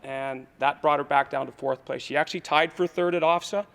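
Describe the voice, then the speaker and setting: A man's voice: on the high side, fairly even intonation, fairly quick, creaky, a bit bright. A man coaching at a school awards ceremony, giving a rambling speech full of fillers and restarts. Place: school gym or auditorium. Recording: echoey hall.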